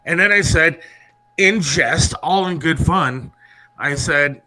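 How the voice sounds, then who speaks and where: A middle-aged man hosting a podcast, telling rambling, animated stories in casual chat. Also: a little high, a little slow, rough recording. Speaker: podcast host.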